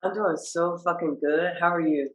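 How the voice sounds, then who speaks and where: A woman from Virginia, a rapper guest on a casual podcast, talking in a relaxed, candid way with casual swearing and hesitant fillers. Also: on the low side, moderate pace, lo-fi sound.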